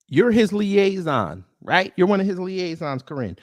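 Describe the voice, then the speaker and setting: A man's voice: high voice, big pitch swings, slow, pauses often, dry recording, clean studio sound. Sarcastic man heckling his live chat. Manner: sarcastic, mocking, confrontational toward commenters. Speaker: host of a news commentary livestream. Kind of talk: live-stream commentary answering chat.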